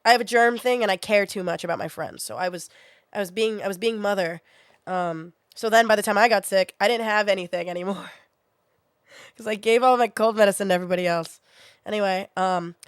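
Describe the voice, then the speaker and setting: A woman's voice: medium pitch, dry recording, clean studio sound. A young woman streaming from her bedroom, telling a story to her chat in a casual, chatty way and acting out what she said back then. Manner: chatty, acts out her own past lines.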